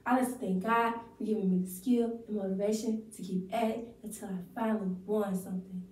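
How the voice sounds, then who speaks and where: A woman's voice: mid-range voice, fairly even intonation, a little fast, a little mellow, echoey room, distant mic, close to an everyday voice, rough recording. A woman performing a monologue as a breathless, overexcited young woman who thinks she has won a prize. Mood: giddy. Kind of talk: rehearsed acting-class monologue.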